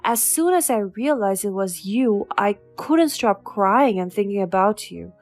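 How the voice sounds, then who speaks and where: A woman's voice: medium pitch, expressive, measured pace, darkish tone. A woman voicing a remorseful middle-aged man who tearfully pleads for forgiveness, over faint background music. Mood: pleading.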